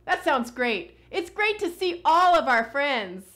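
A woman teacher leading a children's lesson with a puppet and a storybook, animated and sing-song. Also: high-pitched, unhurried.

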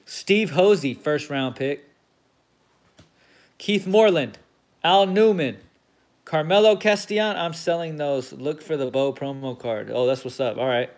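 A man's voice: fairly high pitch, measured pace. A man hosting a card break, casually calling out player names and getting hyped at big pulls. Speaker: host of a card break stream. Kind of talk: casual commentary while opening card packs.

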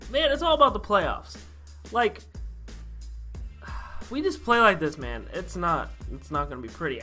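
A man's voice: high-pitched, sharp tone. A young man hosting a football recap, ranting in frustration with lots of swearing and rhetorical questions. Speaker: sports podcast host.

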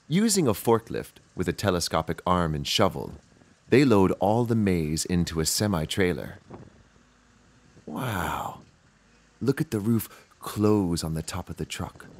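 Deep, slow kids' narrator. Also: male voice. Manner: slow, sing-song, pointing things out to kids. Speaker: children's show narrator. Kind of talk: scripted narration for children.

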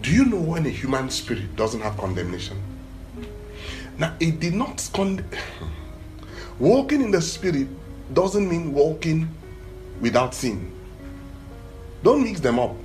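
A man preaching a sermon in an animated, emphatic way, with short phrases repeated for emphasis. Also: unhurried, pauses often, soft background music. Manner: animated, emphatic preaching that swells in pitch and volume.

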